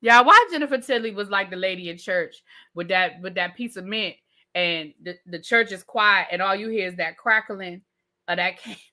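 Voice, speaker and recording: A woman's voice: medium pitch, moderate pace, sharp tone. A woman reviewing a TV show in a live rant, heated and profane, with repetitive slangy outbursts aimed at her viewers. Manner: slangy, addresses viewers as y'all and baby.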